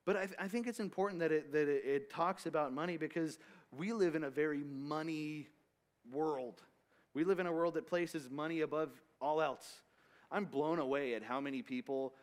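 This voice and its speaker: Man teaching a casual Bible study. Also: fairly high pitch. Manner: casual, rambling with restarts and asides.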